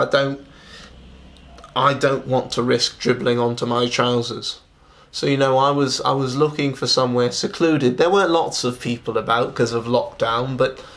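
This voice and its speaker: Man, comic monologue, hesitant, stumbling restarts, earnest, mid-pitched voice. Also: fairly bright tone. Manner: halting, stammering, many restarts. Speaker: comedian telling a story to camera. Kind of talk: mock-serious comic monologue.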